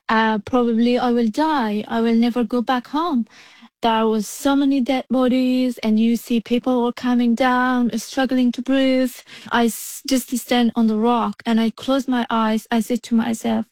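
A woman's voice: fairly high pitch, darkish tone, no echo. A young woman from Afghanistan, an English speaker, talking earnestly about herself in a remote interview. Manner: earnest, simple non-native phrasing with some laughs.

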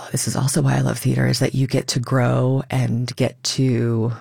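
A woman's voice: extremely low pitch, flat delivery, measured pace, creaky, a little mellow, slightly rough, no room sound, studio quality. A woman in her thirties, a stage actor, talking expressively in a radio interview and acting out quoted asides.

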